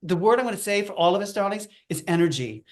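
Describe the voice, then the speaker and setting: A man's voice: high-pitched, lively intonation, fast. Older guy drag queen on a video call, super campy, darling this darling that. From Indiana. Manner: theatrical, calls everyone darling. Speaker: drag performer. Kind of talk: campy rally speech over video call.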